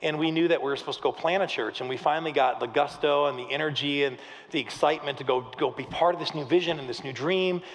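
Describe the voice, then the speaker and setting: Man, 30s, pastor, high tenor, animated storyteller, long hall reverb. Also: fast talker. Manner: lively storytelling, acts out quotes, jokes with the congregation. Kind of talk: sermon. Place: church auditorium, live service.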